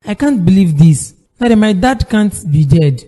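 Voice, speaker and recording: A man's voice: high voice, expressive, moderate pace, dark tone. A man voicing a distraught young son in a hall. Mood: grieving. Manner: pleading, distressed. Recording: long hall reverb.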